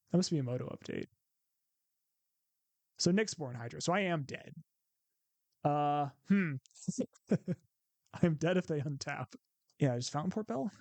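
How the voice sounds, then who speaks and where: A man's voice: fairly high pitch, normal speed, long pauses, dry recording. A man with a Midwestern accent casually commentating a card game, thinking aloud and counting out his plays. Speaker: gameplay commentator.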